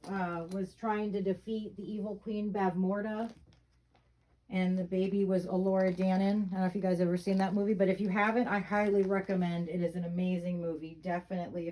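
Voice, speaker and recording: The reborn doll vlogger's voice sits on the low side and sounds warm, though the recording quality is poor. This middle-aged woman chats casually in her vlog, venting frustration and saying fond things about her dolls while rambling with many fillers.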